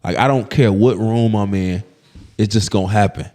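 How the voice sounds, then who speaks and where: A man's voice: on the low side, moderate pace. A man from Alabama with an Alabama accent, a comedian guest chatting casually in an interview and acting out other people's voices as he tells stories. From Birmingham, Alabama. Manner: animated storyteller who acts out other people's voices.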